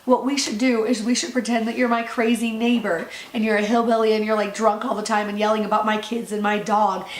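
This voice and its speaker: A woman's voice: fairly high pitch, roomy sound, slight background noise. A young woman from North Carolina giving a chatty, incredulous commentary for her vlog, using "like" a lot. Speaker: YouTuber.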